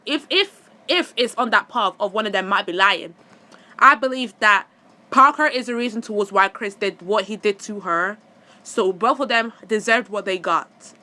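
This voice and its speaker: A woman's voice: a little high, sharp tone. A woman vlogger giving her opinionated commentary straight to her viewers. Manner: opinionated, addresses viewers directly. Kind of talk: casual commentary.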